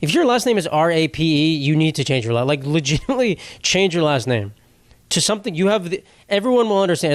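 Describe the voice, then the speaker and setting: A young man with a slightly high voice hosts a solo comedy podcast, recorded with no echo. He rambles, swears freely and pokes fun at himself throughout.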